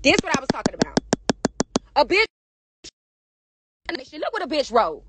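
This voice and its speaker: Defiant and cursing, a young rapper rants angrily on social media, hurling rapid-fire insults at the people criticizing her. She speaks in a high-pitched, sing-song voice that's a bit bright.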